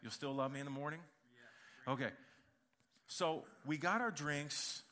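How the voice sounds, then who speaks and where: A middle-aged male pastor delivers a sermon in a lively, joking storytelling manner. His voice sits a bit high and sounds bright and forceful. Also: a little slow. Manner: animated storytelling with humor.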